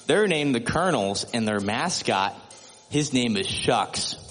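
A man's voice: mid-range voice, lively intonation, unhurried, a bit bright, slight background noise. A man from Iowa introducing himself on stage as a brass player, with folksy jokes.

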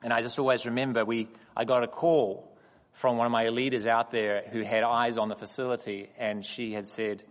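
A man preaches with measured emphasis, letting each phrase land before the next. His voice sits at an ordinary middle pitch. The sound carries a long reverb from a large hall. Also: level tone. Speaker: guest speaker at a church. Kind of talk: sermon with personal stories.

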